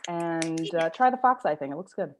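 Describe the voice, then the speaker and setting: A woman with a lowish voice does stand-up from home over a video call. Her jokes are wry and self-mocking, delivered in a plain conversational way. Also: animated, normal speed, a little hiss or hum. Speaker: stand-up comedian. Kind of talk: stand-up set.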